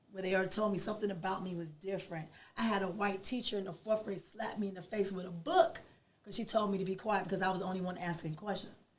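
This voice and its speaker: Emphatic woman telling her story. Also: mid-range voice. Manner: animated, emphatic, acts out quoted dialogue. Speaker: podcast guest. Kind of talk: emotional personal storytelling.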